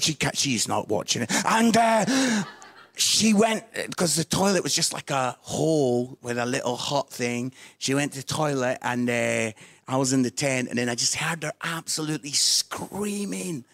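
A man preaching a sermon, telling a funny story in an animated, playful way and laughing at his own jokes. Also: fairly high pitch, moderate pace.

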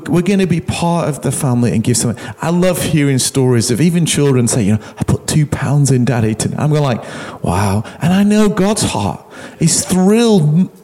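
A man's voice: medium pitch, warm tone. A man preaching as a pastor, earnest and urging, often repeating words as he builds each point. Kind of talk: sermon appeal to a congregation.

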